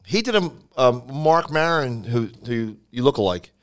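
A man hosting a podcast, a comedian telling animated stories in casual chat. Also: mid-range voice, normal speed, smooth. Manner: animated storyteller, laughs while telling.

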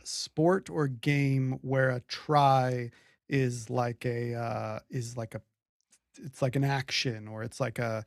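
A man's voice: medium pitch, fairly even intonation, takes it slowly, vocal fry, dry recording, clean studio sound. A man in casual chat, reading dictionary entries on word origins aloud with fillers between them.

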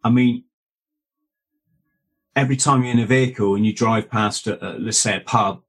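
A man's voice: mid-range voice, fairly even intonation, moderate pace, husky. A man, a former Royal Marine, earnestly telling his story as an interview guest and often checking in with "right?" and "mate.". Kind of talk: conversational storytelling.

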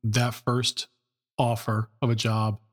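A man hosting a relaxed podcast-style interview. He asks easygoing questions and jokes along with his guest. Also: medium pitch, takes it slowly. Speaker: interviewer, host. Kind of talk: casual interview.

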